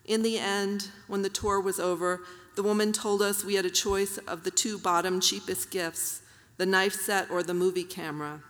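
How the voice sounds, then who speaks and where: A woman author reading her own prose aloud at a literary reading, measured and even, with soft fillers between passages. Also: medium pitch. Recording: long hall reverb.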